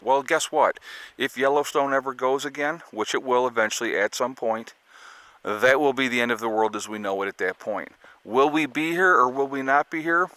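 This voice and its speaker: Chatty man with a bright voice. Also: medium pitch, normal speed, no room sound. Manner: rambling, chatty, sarcastic asides. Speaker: prepping vlogger. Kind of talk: casual chat to camera.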